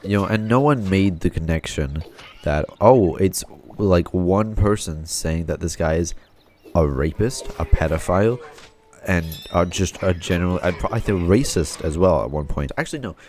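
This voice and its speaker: A man's voice: sits low, moderate pace, a little mellow, a little hiss or hum. A young man telling a personal story in a rambling, frustrated way, swearing often. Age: young adult.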